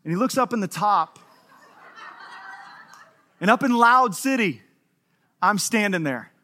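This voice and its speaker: A middle-aged male pastor with a high, bright voice delivers a sermon to his congregation. He tells lively stories with a joking edge, swinging his pitch up when he acts out other characters. The tone is animated and conversational. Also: moderate pace, long pauses. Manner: animated storytelling with playful humor, acting out quotes. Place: church in front of a live congregation.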